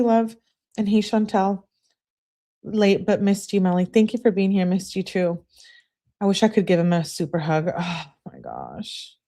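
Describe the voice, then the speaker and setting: A woman's voice: mid-range voice, dark tone. A woman hosting a true crime livestream, talking casually and bluntly with plenty of swearing. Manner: blunt, opinionated, swears freely. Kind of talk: casual commentary on a livestream, reading text messages aloud.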